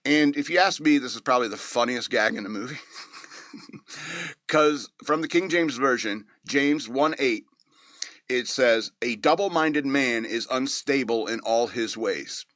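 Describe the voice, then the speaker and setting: A man's voice: mid-range voice, moderate pace, a bit bright, no room sound, clean studio sound. A man hosting a show, giving a casual, rambling movie review with many fillers and chuckles. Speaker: podcast host reviewing a movie.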